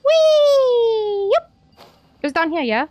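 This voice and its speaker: A woman's voice: on the high side, lively intonation, moderate pace, no room sound. A woman streaming a video game, chatting playfully with her viewers and swearing freely as she plays. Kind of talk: casual gameplay commentary.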